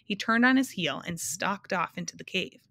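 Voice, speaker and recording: A woman narrating a storybook aloud in a measured, expressive way. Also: on the low side, gravelly, no room sound.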